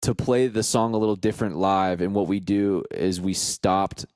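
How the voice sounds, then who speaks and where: A man co-hosting a podcast in casual chat, prompting the story with quick questions and remarks. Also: low-pitched, fairly even intonation, darkish tone, clear, resonant tone, no echo, studio quality. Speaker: podcast co-host and band member.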